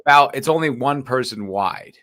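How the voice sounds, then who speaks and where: Animated storytelling man, podcast. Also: medium pitch, moderate pace, dry recording, studio quality. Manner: animated storyteller, swears often, laughs through his telling. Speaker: podcast co-host. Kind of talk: casual chat, storytelling.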